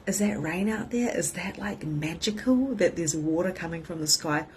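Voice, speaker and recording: A middle-aged woman, a spiritual coach, talking casually to her viewers in an animated way, often laughing and swearing. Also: lowish voice, moderate pace, a little hiss or hum. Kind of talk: casual livestream talk to viewers.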